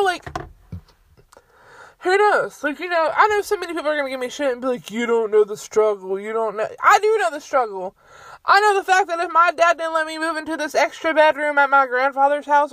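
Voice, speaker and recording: Ranting from a bedroom at home, a young adult woman hosts her own podcast in a high-pitched, a-bit-bright voice, talking a little fast. The recording is dry, and her casual monologue is heated, profane, and exasperated.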